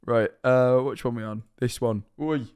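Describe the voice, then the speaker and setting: A man's voice: mid-range voice, steady tone, normal speed, a little mellow, clean tone. Swearing, laughing male streamer. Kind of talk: casual reaction commentary.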